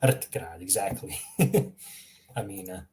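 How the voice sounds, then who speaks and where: A man hosts a casual language lesson, walking through letters at an unhurried pace. His voice is mellow and low-key, and he chats with his viewers and laughs easily as he goes. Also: a little hiss or hum. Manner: relaxed, chatty, laughs often, reacts to viewer examples. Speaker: language teacher.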